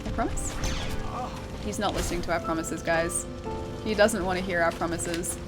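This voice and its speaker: A woman's voice: lowish voice, steady tone, a little fast, loud music behind the voice. A young woman with an Australian city accent, chatting casually with her stream chat while playing a game, giggling often. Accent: Australian, city, pronounces final R's.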